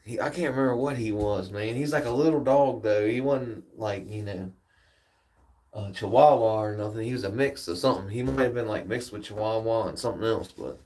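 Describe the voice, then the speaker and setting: A man's voice: fairly low pitch, brisk, a little mellow, distant mic. A man chatting casually to viewers on a livestream, rambling and swearing freely as he tells stories. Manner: laid-back rambling storyteller, swears freely. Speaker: livestream host.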